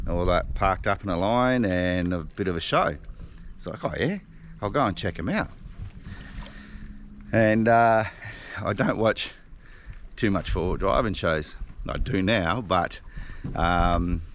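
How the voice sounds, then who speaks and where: Out on a river boat, an Australian fisherman with a low voice chats to the camera, rambling through a self-deprecating tale with frequent laughs. A bit of background noise is audible.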